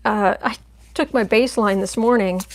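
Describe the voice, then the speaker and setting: A woman's voice: medium pitch, normal speed. A woman hosting a tarot channel, chatting in a rambling, casual way on a live stream. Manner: chatty, rambling, coos softly to her cat. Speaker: tarot reader, channel host.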